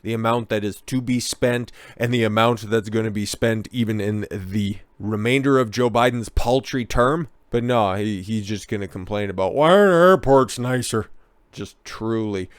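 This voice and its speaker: A man's voice: on the low side, clean tone, no room sound. A man doing a profane, sarcastic and combative political commentary rant. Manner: mocks others in put-on whiny voices.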